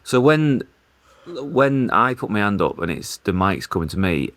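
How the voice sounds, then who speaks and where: Deep-voiced Northern English storyteller man. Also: big pitch swings, a little slow, crowd noise. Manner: storytelling, self-deprecating. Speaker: newspaper football journalist. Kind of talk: casual podcast anecdotes.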